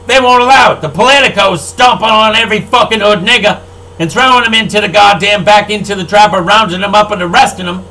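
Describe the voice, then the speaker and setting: An older man who owns a record label unleashes an angry, profane monologue that rambles and swings between loud outbursts and low mutters. He talks at a quick pace on a rough recording.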